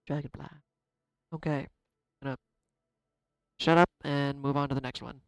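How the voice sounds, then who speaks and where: A man giving a casual tarot card reading, chatty and self-deprecating, thinking out loud. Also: mid-range voice, level tone, normal speed, gravelly, clean tone, no echo, poor audio. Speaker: tarot reader.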